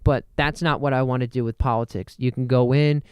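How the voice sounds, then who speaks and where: A man's voice: mid-range voice, steady tone, fairly quick, clear, resonant tone, no room sound, lo-fi sound. A young adult man hosting a solo podcast, rambling and joking as he jumps from thought to thought, talking into a close mic. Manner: rambling, jokey, self-interrupting. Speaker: podcast host. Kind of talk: solo comedic podcast monologue.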